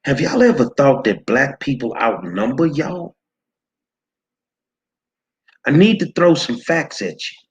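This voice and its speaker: A man's voice: medium pitch, sing-song, normal speed. A man hosting his own show, delivering heated, profane commentary straight at his viewers, confrontational and stumbling over repeated words. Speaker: show host.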